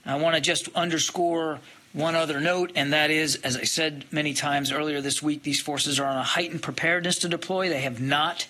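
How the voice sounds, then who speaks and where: Male press spokesman, measured and halting, with a crisp bright edge. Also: a little high, fairly even intonation. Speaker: government spokesman. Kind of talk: press briefing.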